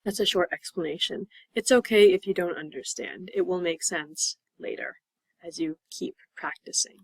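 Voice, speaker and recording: Patient woman teaching English slowly. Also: lowish voice, breathy edge, dry recording, low-quality recording. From Pennsylvania. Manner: patient, drawn-out repetition of words. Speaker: ESL teacher. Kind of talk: slow, clear classroom explanation.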